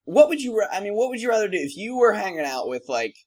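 A man's voice: high-pitched, sing-song, quick pace, a little mellow. Jokey man in casual banter. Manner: jokey, slips into silly voices. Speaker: podcast co-host. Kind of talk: casual comedic chat.

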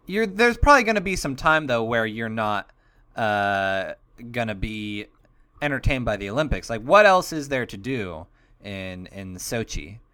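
A young man hosting a podcast, rambling through jokey hypotheticals with deadpan asides in casual chat. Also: medium pitch, a little slow, smooth. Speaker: podcast host.

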